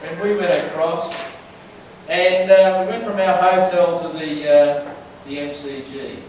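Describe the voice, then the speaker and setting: Chatty preacher in an echoing hall. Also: male voice, high-pitched, steady tone, unhurried, darkish tone, slight background noise. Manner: chatty, storytelling, asks the crowd questions. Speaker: church speaker. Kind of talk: conversational sermon. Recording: very echoey hall, mic far off.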